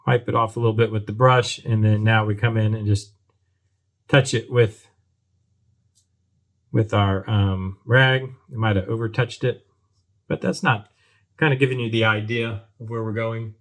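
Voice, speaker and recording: A man with a fairly low voice narrates his model kit painting at the workbench. He talks in a relaxed, thinking-aloud way, full of ums and restarts. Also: normal speed, pauses often. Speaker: hobby model builder. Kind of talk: casual build tutorial talk. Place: workbench at home.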